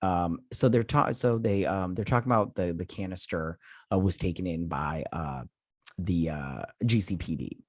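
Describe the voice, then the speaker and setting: Rambling, exasperated low-voiced man reviewer. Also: normal speed, a little mellow, no room sound, studio quality. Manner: rambling, filler-heavy, exasperated. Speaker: TV review host. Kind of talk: casual episode recap and review.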